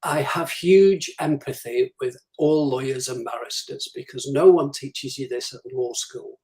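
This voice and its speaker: A man with a darkish, mid-range voice speaks unhurriedly as a guest on a live-streamed interview, where the audio is poor. He gives practical advice on business development, acting out the questions clients raise.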